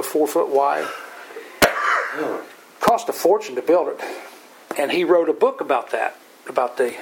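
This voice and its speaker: Man, folksy Bible study teacher, plain-spoken storytelling, verse-by-verse explaining, somewhat high voice. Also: noisy background.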